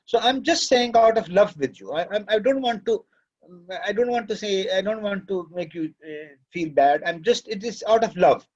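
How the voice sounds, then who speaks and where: A lecturer who directs the course speaks to students in a classroom, fatherly in tone and now and then switching to Urdu. His voice sits high with lively intonation at a normal speed, though the recording is muffled.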